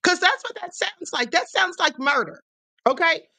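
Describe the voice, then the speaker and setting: A woman's voice: very high voice, big pitch swings, normal speed, creaky, bright, forceful tone, no echo. A woman hosting a livestream, giving sassy, emphatic commentary and calling viewers honey. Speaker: livestream host.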